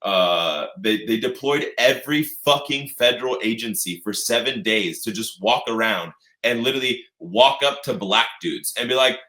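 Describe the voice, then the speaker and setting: A man's voice: mid-range voice, lively intonation, normal speed, few pauses, pushed and bright, reverberant. A man co-hosting a podcast in casual chat, rambling and swearing, mocking the people he quotes in put-on voices. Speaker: podcast co-host.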